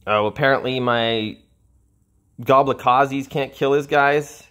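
A man giving frustrated gameplay commentary as a channel host, sighing and ranting with drawn-out insults at the game. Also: medium pitch, fairly even intonation, fairly bright tone, smooth.

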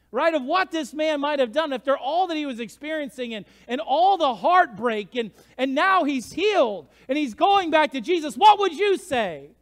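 A man preaching a sermon as pastor, telling the story with swings from hushed to shouting. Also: very high-pitched. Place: church sanctuary. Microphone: livestream church mic.

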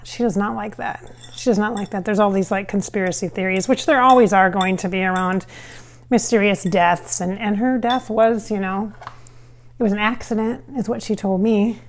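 With slight background noise, a psychic medium vlogger talks casually while cooking in her home kitchen on hardwood floors. Speaking at a medium pitch, she rambles, using many fillers and restarting often.

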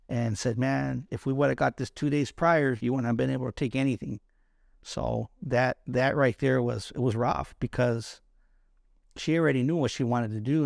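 Gravelly, blunt, profane veteran man. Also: medium pitch, no room sound, studio quality. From East Los Angeles, USA. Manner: blunt, profane, repeats words when emotional, acts out quoted voices. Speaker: interview guest, Army combat veteran. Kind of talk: candid storytelling interview.

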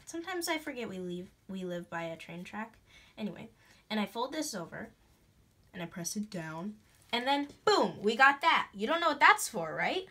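A young woman chatting through a craft tutorial in a bubbly, excitable way, breaking into gasps and squeals. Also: medium pitch, moderate pace. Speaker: craft vlogger. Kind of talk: casual DIY tutorial chat.

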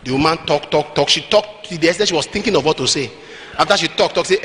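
A man with a Nigerian accent preaching a sermon, telling stories animatedly with bursts of shouting. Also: sits high, very animated, a little fast. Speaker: apostle, preacher.

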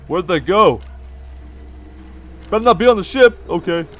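High-voiced jumpy gaming commentator man. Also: expressive, moderate pace. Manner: jumpy, easily startled, giggly. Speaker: let's play host. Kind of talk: gameplay commentary.

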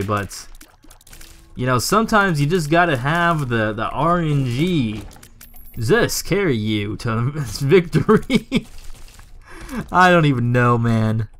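A young man commentating his own game play, joking, swearing and talking back to the game, his voice jumping high when he gets irritated. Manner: excitable, swings into high yelps when irritated; jokey, swears, talks to the game. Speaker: gaming YouTuber.

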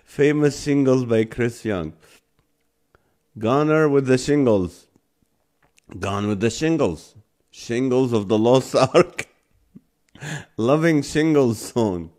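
A man hosting a live stream reads viewers' puns aloud at a slow pace. He keeps breaking into helpless laughter and sounds close to tears. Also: medium pitch, expressive, a little mellow. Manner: laughing helplessly between punny lines. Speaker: host. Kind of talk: live-stream chat reading comments.

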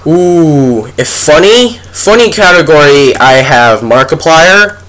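A man's voice: on the high side, fairly bright tone. A young man giving goofy, chatty let's play commentary as a gaming video host, talking to the animals in the game. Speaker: gaming YouTuber.

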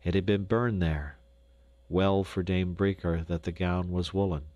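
An older man giving gentle, measured narration of a storybook on a close studio mic. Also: low voice, steady tone, lo-fi sound. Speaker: audiobook narrator.

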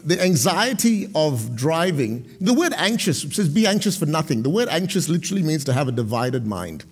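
A middle-aged male pastor preaching a sermon, moving between loud proclamations and quiet, chatty storytelling. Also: big pitch swings, normal speed. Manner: dynamic preaching, swings from loud proclamations to low storytelling asides.

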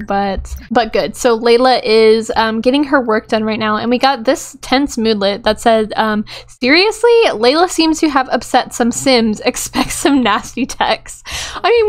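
A young woman chatting through a game session with a fairly high voice. She giggles often and talks straight to the characters on screen, and her voice is still a little rough as she gets over a cold. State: recovering from a cold, voice a bit rough. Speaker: gaming YouTuber. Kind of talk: casual gameplay commentary.

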